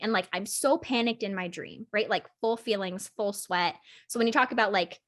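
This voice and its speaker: A woman's voice: mid-range voice, normal speed, hardly any pauses, fairly bright tone. A young woman co-hosting a podcast, telling a story in casual chat, full of "like" and "literally". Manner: chatty storyteller, fillers like "like" and "literally". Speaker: podcast co-host.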